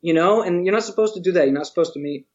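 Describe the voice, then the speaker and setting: A man telling a lively story in an interview, acting out what people said and laughing often. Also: high voice, rapid-fire, lo-fi sound. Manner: animated storyteller, acts out quotes, laughs often. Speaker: interview guest, museum educator.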